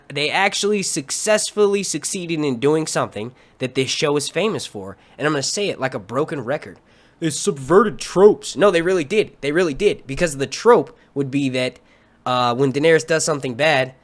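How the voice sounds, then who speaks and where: A young man hosting a live stream, ranting casually and excitably about a TV episode, swearing often and wandering off into run-on asides. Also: on the high side. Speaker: livestream host reviewing a TV episode.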